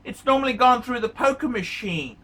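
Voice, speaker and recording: A man's voice: very high-pitched, lively intonation, a little fast, pushed and bright, recorded from a distance. A man, a watch vlogger, ranting angrily into the camera with heavy swearing and repeated insults. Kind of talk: angry profane rant to camera.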